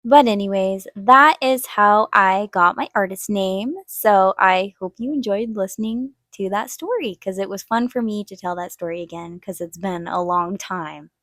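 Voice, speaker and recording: A young woman shares a personal story while she draws, chatty and lively, and she lifts her voice to act out what people said. Her pitch sits in a middle range. The sound is dry and close. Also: moderate pace, hardly any pauses, no echo. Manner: chatty, animated, acts out quotes in a higher voice. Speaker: art channel host. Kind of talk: casual storytelling while drawing.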